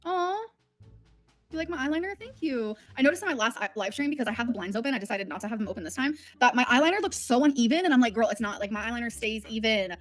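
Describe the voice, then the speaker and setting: Higher-pitched woman streaming from home, kinda rambly and emotional. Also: animated, fast talker, faint music behind. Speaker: livestream host. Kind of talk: casual livestream chat.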